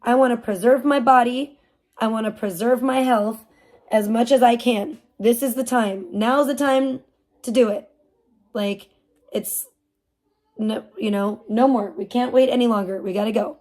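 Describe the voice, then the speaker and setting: A woman in her forties telling a long personal story on a live stream, rambling and animated, with lots of "like" and restarts. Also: a little high, a little slow. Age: 40s. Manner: rambling, animated retelling with frequent "like". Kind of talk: casual storytelling.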